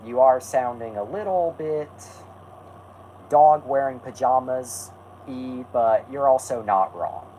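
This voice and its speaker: Male streamer host, mid-pitched, rambling and self-correcting, faint background noise. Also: takes it slowly, dark tone, poor audio. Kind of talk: casual livestream chat.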